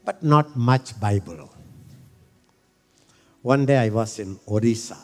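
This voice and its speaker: A middle-aged man preaching a sermon. He repeats his phrases and builds from quiet talk to shouting. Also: medium pitch, slow, long reverb tail.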